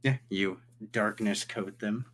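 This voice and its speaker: A male game master narrating a tabletop game in an easygoing, casual way. His voice sits somewhat low. He describes the scene steadily for the players. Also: steady tone, slow pace, fairly bright tone, slight background noise.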